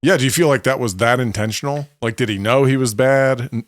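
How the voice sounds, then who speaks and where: Man, podcast co-host, casual chat, animated, mid-pitched, dry close sound. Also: brisk, no room sound. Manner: animated, laughs while retelling scenes.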